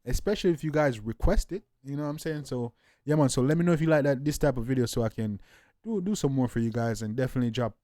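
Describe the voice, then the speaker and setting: A man's voice: medium pitch, fast talker, warm tone, no room sound, studio quality. A man from Jamaica hosting a music reaction channel, talking in a loose, hyped way that leans on "yeah, man" between thoughts. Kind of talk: casual reaction commentary.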